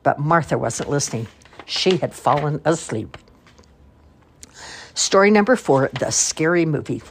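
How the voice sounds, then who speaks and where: An older woman, a grandmother, reading picture books aloud with an expressive storytelling cadence. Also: deep voice, unhurried, a little hiss or hum. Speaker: storybook reader.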